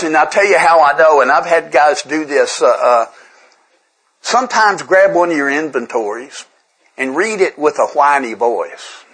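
With a fairly high, bright, husky voice, a man talks frankly to a recovery group at a twelve-step workshop. He's conversational and self-deprecating, often repeating words as he starts his sentences over, and the audio quality is poor.

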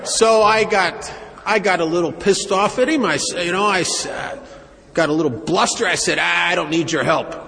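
A man telling a first-person recovery story to an audience in a wry, self-mocking way, with halting restarts. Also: sits high, a bit bright. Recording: long hall reverb, faint ambience.

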